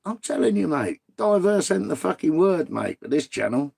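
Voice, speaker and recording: Sweary chatty man, mellow voice. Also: fairly high pitch, sing-song, normal speed, creaky, breathy edge. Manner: swears freely, banters with viewers, chuckles often. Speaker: vanlife live streamer. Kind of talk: casual live-stream chat reading comments.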